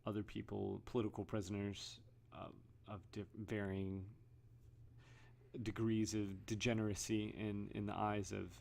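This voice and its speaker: A man talks through his thoughts in a loose, rambling vlog. His voice sits fairly low, with a gravelly fry, and he often restarts his sentences and reads headlines aloud. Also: little pitch movement, a little slow, darkish tone. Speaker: vlogger. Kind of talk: casual commentary.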